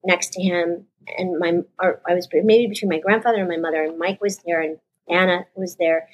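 A woman's voice: on the low side, steady tone, a little fast. A woman in her fifties, a guest, telling an emotional story in a rambling way and correcting herself as she goes. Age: 50s. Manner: rambling, self-correcting recollection. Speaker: actress guest.

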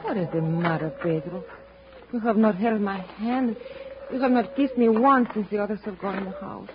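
A woman's voice: medium pitch, moderate pace, music in the background, close to an everyday voice. A woman playing a fiery young señorita. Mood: pouting. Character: proud fiery young woman, hacienda owner's daughter. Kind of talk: 1950s radio drama. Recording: dull lo-fi old radio recording with faint hiss.

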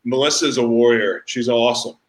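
A man hosting a casual chat, telling candid stories in an animated way. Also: medium pitch, brisk, roomy sound.

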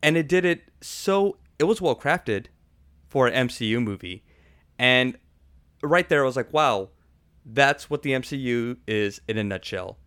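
A man's voice: mid-range voice, expressive, moderate pace, a bit bright, smooth, dry recording, studio quality. A man hosting a podcast, giving an opinionated, sarcastic movie review in casual chat and laughing often. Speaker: podcast host.

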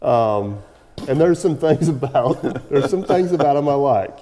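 A man hosting a casual podcast chat, sarcastic and quick to laugh, often trailing off into rambling asides. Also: medium pitch, animated, mellow, big-room sound. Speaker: podcast host.

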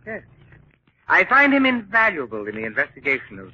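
A man's voice: fairly high pitch, huge pitch swings, fairly quick, bright, forceful tone, slightly rough, exaggerated voice. An actor playing a scheming male swindler in a 1940s radio drama, speaking theatrically. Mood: smug. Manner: theatrical, sly then frantic. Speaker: villain. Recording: dull old radio broadcast with hiss.

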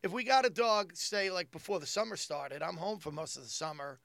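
A middle-aged man spins stories in casual chat, animated and quick to laugh. His voice sits high with a gravelly edge and a bright tone. The sound is close and dry. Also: no echo. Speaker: comedian.

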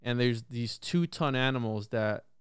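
A man chatting on a podcast, telling a story in a loose, animated way that is heavy with swearing and filler words. His voice is smooth and clear, and the sound is dry and close, with no room echo. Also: medium pitch, a little slow. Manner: animated, profane storytelling full of "bro" and "like". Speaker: podcast guest or host. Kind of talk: casual podcast conversation.

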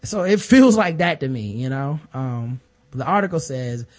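A man co-hosting a casual news discussion podcast, talking in an animated way and acting out the voices of people he quotes. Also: mid-range voice, normal speed. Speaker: podcast co-host.

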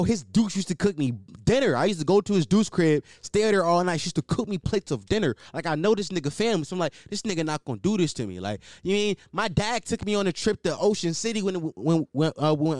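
A man's voice: on the high side, a little mellow, dry recording, clean studio sound. A man, podcast host telling a story in a casual, heated way, swearing and repeating himself for emphasis.

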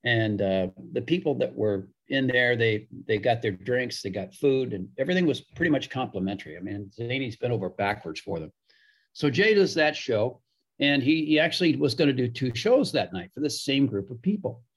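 A middle-aged hockey broadcaster tells anecdotes in a podcast interview, his medium-pitched voice animated and slightly breathy at a normal speed. Chatty and storytelling, he acts out the voices of the people he quotes.

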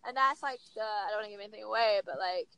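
A woman in her thirties talking casually as a podcast guest, telling stories with lively acted-out quotes. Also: medium pitch, rapid-fire, low-quality recording. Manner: animated storyteller, acts out quotes. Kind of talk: casual chat.

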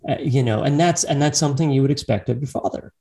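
Brief: male podcast host, mid pitch, reflective and conversational. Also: fast, mellow. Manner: reflective, frequent listening murmurs. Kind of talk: casual interview conversation.

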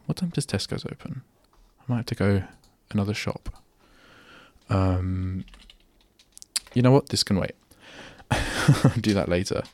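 Gravelly, darkish, and fairly low, this young man's voice carries a casual solo radio show as he chats, rambles, and cuts himself off mid-sentence. He's recorded in a radio studio with no room sound.

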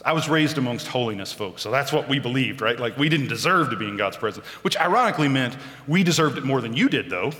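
Male preacher, expressive delivery, wry storyteller, hall reverb. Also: medium pitch, quick pace, hardly any pauses. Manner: storytelling with self-deprecating humor. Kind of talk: sermon.

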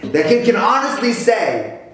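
A man giving a weekly Torah talk, animated, asking rhetorical questions and often restarting his sentences. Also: sits high, a little slow, slight background noise. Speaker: Torah speaker. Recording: very echoey room with loud guitar music.

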